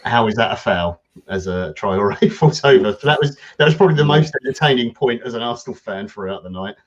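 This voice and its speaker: A man co-hosting a football podcast, talking in a relaxed way with lots of ums and measured opinions. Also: medium pitch, highs cut off. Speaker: podcast co-host. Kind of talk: casual football chat.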